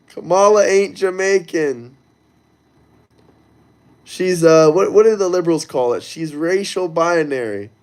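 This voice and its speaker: A man's voice: on the high side, darkish tone. A man hosting a casual livestream, talking loosely and crudely straight to his viewers as he reads the chat. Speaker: livestream host reading chat.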